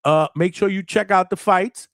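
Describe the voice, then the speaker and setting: A man's voice: high-pitched, moderate pace, no echo, studio quality. Laid-back man hosting a boxing stream. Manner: laid-back, slangy, filler-heavy, shout-outs to viewers. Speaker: boxing show host. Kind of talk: casual livestream sign-off chat.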